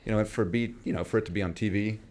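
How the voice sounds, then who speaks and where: A man's voice: fairly low pitch, fairly even intonation, racing, darkish tone. A man co-hosting a podcast, trading crude jokes in casual banter. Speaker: podcast co-host. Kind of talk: casual chat.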